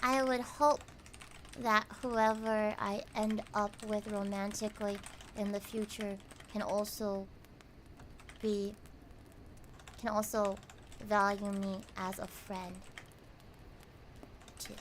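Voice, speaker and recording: A young American woman streaming a cozy late-night chat, reading comments aloud, playful and squealing at times, then soft and reflective. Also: medium pitch, little pitch movement, slow pace, pauses often, a little hiss or hum. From United States.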